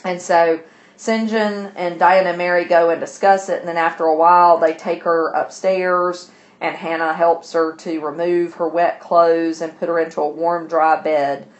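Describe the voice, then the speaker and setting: Woman teacher, casual recap lesson, chatty asides, a touch low in pitch. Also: level tone, moderate pace, lo-fi sound. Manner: chatty, retelling with acted quotes and asides. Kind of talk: casual book discussion lesson.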